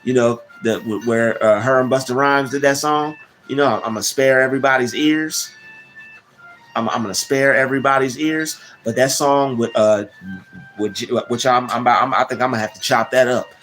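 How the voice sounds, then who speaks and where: Rambling man chatting over soft music. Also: mid-range voice, moderate pace. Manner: rambling, many restarts and slang fillers. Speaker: livestream host. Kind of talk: casual livestream chat. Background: soft background music.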